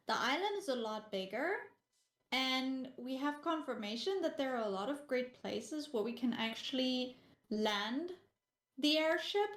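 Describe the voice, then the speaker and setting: A woman playing a tabletop game, calmly explaining the group's plans at length. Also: sits high, roomy sound. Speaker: player. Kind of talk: casual tabletop play.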